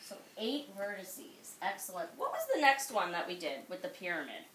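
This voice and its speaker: A woman's voice: mid-range voice, big pitch swings, normal speed, fairly bright tone, recorded from a distance, a little hiss or hum. A woman teaching a second grade class, quizzing the children by name and praising them patiently. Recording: echoey classroom, voice off-mic.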